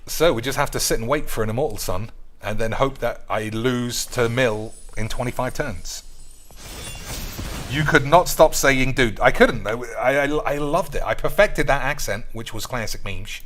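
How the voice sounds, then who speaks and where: A man's voice: mid-range voice, a bit bright. A man giving teasing, drawling commentary on his gameplay stream. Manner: drawling, teasing, addresses viewers as boys and lads.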